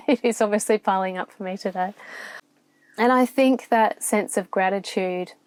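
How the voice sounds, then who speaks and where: A woman's voice: medium pitch, normal speed, a little mellow, clear, resonant tone, no room sound. An Australian woman vlogging alone from a campground, talking openly and reflectively with many restarts, emotional at times. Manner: open, reflective, rambling with restarts. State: near tears at times. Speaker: van life vlogger. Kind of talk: candid solo vlog to camera. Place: campground, inside a van.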